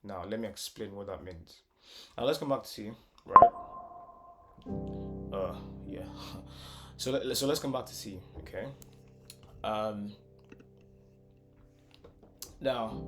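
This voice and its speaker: Speaking slowly with frequent pauses, this man has a fairly low, slightly bright voice. He's teaching music informally, going step by step with lots of repetition and filler, occasionally singing brief phrases.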